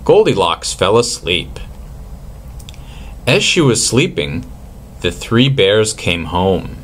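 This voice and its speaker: A man reading a classic fairy tale aloud to children in a gentle, expressive way. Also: on the low side, takes it slowly, slight background noise. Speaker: storyteller for children.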